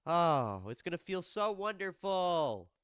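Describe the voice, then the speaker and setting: Casting note: male podcast host, sick and congested, profane animated rant, smooth clear voice, dry close sound. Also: high-pitched, slow pace, no echo. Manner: animated, profane, talks straight to the absent fighter. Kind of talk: casual solo podcast rant. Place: home basement studio.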